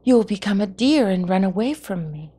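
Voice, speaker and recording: A woman's voice: medium pitch, lively intonation, fairly quick, warm tone, slightly rough. A woman storyteller voicing a worried little girl who pleads anxiously with her brother. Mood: pleading.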